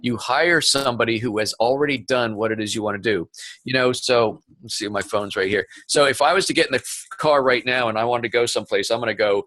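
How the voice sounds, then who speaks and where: A man as an interview guest, talking in a conversational, animated way with quick asides and stories. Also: medium pitch. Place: home office.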